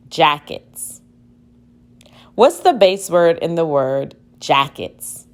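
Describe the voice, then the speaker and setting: Very slow, measured woman teacher. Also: sits low, expressive. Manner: spells words letter by letter, tapping out syllables. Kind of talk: slow spelling dictation lesson.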